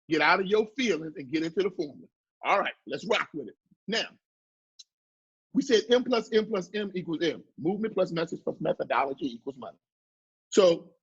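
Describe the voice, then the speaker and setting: A high-pitched man delivers a preachy motivational business talk, full of call-and-response asides. His voice is husky, and the recording sounds dull and lo-fi. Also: a bit bright. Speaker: marketing speaker.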